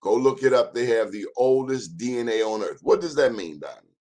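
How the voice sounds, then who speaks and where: A man's voice: mid-range voice, animated, brisk, darkish tone. A man in his fifties hosting an informal history talk, emphatic and repetitive, urging listeners to check the facts themselves. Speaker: host.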